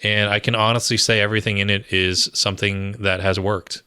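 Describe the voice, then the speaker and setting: A man with a low, bright voice talks through his experience in a podcast interview. He tells stories in a lively way and fills his talk with "you know" and "um". The mic is close and the sound is dry, with no room around him. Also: fairly quick, smooth, dry recording. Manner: animated storyteller, fillers like "you know" and "um". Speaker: guest, brand strategist and author.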